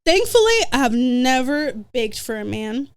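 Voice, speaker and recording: Young woman, podcast guest, high voice, swings up and down a lot, animated, swears casually. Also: unhurried, smooth. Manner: animated, swears freely, laughs through stories. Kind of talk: casual chat, storytelling.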